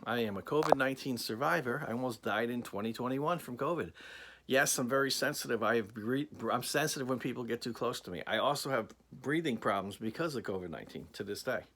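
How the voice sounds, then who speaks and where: A man's voice: medium pitch, brisk, a bit bright, slight background noise. A man angrily recounting a personal incident to camera, emphatic and repetitive, swearing now and then. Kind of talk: angry personal storytelling.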